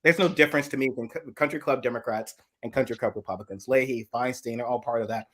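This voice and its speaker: A man co-hosting a political live chat, animated and chatty. He slips into quoted voices and laughs through his own stories. His voice sits at an ordinary middle pitch. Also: fast. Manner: animated storyteller, acts out quoted voices, laughs mid-sentence.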